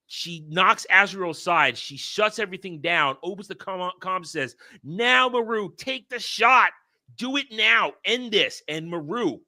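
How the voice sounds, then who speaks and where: A man recapping anime with his friend, his voice very bright and forceful. He tells the story with growing excitement and acts out the characters' dialogue as he goes. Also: fairly high pitch. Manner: excited, animated retelling that acts out characters' lines. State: choked up. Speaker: podcast host. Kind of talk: casual anime recap chat.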